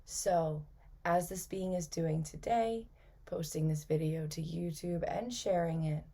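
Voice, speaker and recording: A woman channeling a gentle, loving spirit collective, speaking slowly in a soft, half-whispered voice. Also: low-pitched, exaggerated voice. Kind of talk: spoken channeling message.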